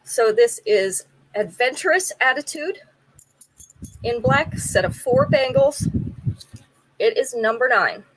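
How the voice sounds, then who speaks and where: Woman, live-sale host, casual chat, detailed item descriptions, playful, slightly high voice. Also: lively intonation, slow, long pauses, husky, faint music behind, low-quality recording. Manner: chatty, describes items in detail, jokes with viewers.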